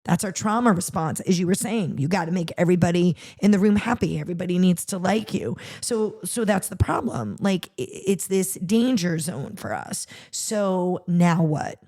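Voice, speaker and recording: A woman's voice: lowish voice, animated, darkish tone. A woman hosting a podcast in casual chat. She laughs easily and steers the conversation. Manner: quick to laugh, steers the topic. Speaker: podcast host. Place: podcast studio.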